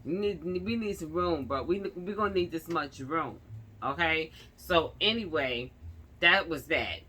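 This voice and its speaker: A woman's voice: sits low, measured pace, bright, forceful tone, a little hiss or hum. A young woman, ranting and telling a story in casual street slang, acting out the people she quotes. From New York. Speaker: vlogger.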